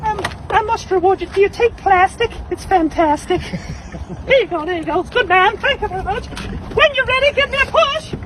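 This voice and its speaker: A woman's voice: extremely high pitch, animated, normal speed, fairly bright tone, rough recording. A woman playing a fussy, overly polite lady asking a stranger to push her broken-down car, giggling as she goes. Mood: coaxing. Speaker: prankster posing as stranded driver. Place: outdoors on a city street. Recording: outdoor street recording with traffic noise. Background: street traffic and passersby.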